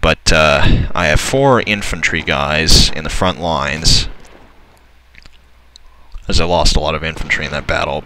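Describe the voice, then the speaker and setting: A young man casually commentating a strategy game, excitable and swearing, often laughing in disbelief. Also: a bass voice, a little slow, long pauses, a little hiss or hum, rough recording. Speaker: gameplay commentator. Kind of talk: casual let's-play commentary.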